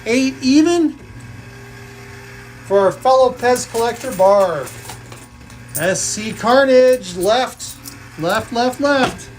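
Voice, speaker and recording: A woman hosts a live coin-pusher stream, joking as she calls plays and counts up the totals. Her slightly high, a little mellow voice has lively intonation and a slow pace with long pauses, and the poor audio has a little hiss or hum.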